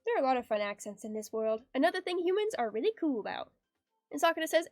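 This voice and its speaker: An art streamer, a bubbly young woman with a high, bright voice, chats casually as she draws on stream, giggling often and reading her chat aloud. She talks fast with big pitch swings. The audio is dry and close with no room sound, and faint music plays behind her.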